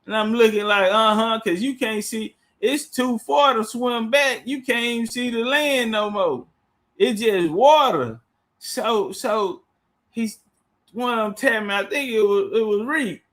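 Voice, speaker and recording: A man telling a story in a casual, animated, profane way, laughing often as he goes. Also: high voice, a little slow.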